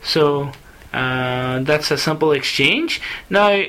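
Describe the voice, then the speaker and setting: Bright-toned man hosting a lesson. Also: on the high side, lively intonation, slow pace, poor audio. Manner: asks guiding questions, repeats phrases back. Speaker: host of a language lesson. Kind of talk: casual teaching dialogue.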